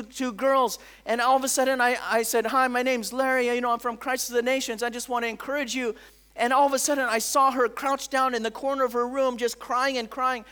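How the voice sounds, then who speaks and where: A middle-aged man preaching a sermon as a pastor, telling stories in an animated way, often saying "come on" and acting out the voices of people he quotes. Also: extremely high pitch, clear, resonant tone. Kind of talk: sermon with storytelling.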